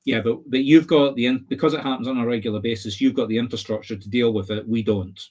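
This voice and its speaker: A man's voice: medium pitch, fairly even intonation, quick pace, a little mellow. A Scottish man hosts a casual conversation in an ordinary mid-range voice. He explains at length and likes to tease his guest. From Scotland. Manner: chatty, explains at length, teasing. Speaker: host. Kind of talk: casual video-call chat.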